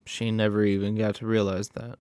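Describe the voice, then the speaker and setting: A man's voice: on the low side, fairly quick, smooth, no room sound, studio quality. A man giving a casual, rambling, profane recap of a horror movie plot. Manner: rambling, profane, animated storytelling.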